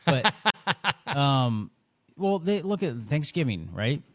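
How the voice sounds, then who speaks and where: A man co-hosting a podcast in casual chat, talking haltingly with many restarts. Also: medium pitch, very animated. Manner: halting, conspiratorial, lots of restarts. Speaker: podcast co-host.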